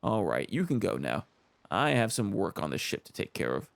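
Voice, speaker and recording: A man's voice: fairly low pitch, wildly swooping pitch, normal speed, creaky, full character voice. A man voicing a stern but forgiving male ship's crewman who speaks in a brusque, matter-of-fact way.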